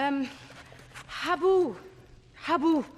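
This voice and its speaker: An actress playing a gentle young woman who speaks in a soft, coaxing way in a film. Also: high voice, extremely slow, big-room sound.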